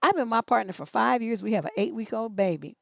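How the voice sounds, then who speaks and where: A woman's voice: on the high side, lively intonation, fast, vocal fry, no echo. A middle-aged woman hosting a livestream advice show, reading viewer questions aloud and answering in a blunt, profane, mocking way.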